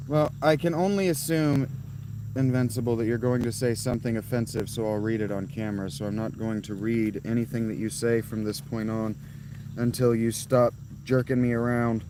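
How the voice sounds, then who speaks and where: A man's voice: mid-range voice, fairly even intonation, normal speed, noisy background. A man live streaming from outside his tent, chatting casually with viewers in a rambling way, often restarting and correcting himself. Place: outdoors at a tent.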